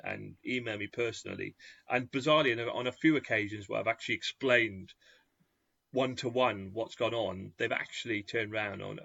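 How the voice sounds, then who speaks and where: A man talks shop as a podcast guest, his voice bright and edged with gravel. He stumbles over restarts and repeated words and slips into acting out little exchanges. The audio is dry, muffled and lo-fi. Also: on the low side, no echo. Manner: chatty, many restarts and repeated words, acts out dialogue. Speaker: guest, game retailer and fulfilment company owner. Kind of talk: podcast interview, anecdotal.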